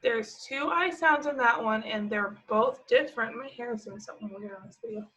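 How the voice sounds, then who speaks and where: A woman teaching a remote phonics lesson to young children, stretching out each word slowly as she sounds it. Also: a little high, fairly bright tone. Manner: slow, drawn-out sounding of words. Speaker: preschool teacher. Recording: slightly dull lo-fi audio.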